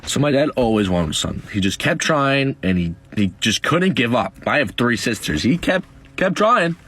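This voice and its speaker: A man in his twenties telling a personal story in a halting, hesitant way. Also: medium pitch, big pitch swings, fairly bright tone, husky. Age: 20s. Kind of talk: casual storytime.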